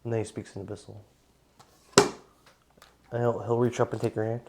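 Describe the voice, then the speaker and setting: A man's voice: on the low side, flat delivery, moderate pace, gravelly, heavy background noise. A man narrating as game master in a tabletop game, in loose, conversational narration.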